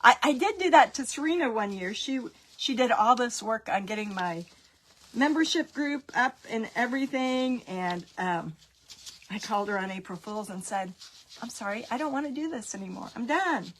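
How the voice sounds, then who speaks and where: Husky-voiced chatty woman, high pitch. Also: animated, normal speed, fairly bright tone. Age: middle-aged. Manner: chatty, laughs at her own pranks. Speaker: crafting tutorial host. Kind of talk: casual storytelling while painting.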